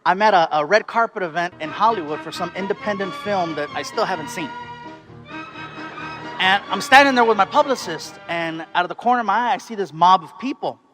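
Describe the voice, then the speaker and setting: High-voiced animated stand-up comedian man. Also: fairly quick, music in the background. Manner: animated, excitable, acts out scenes. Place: comedy stage.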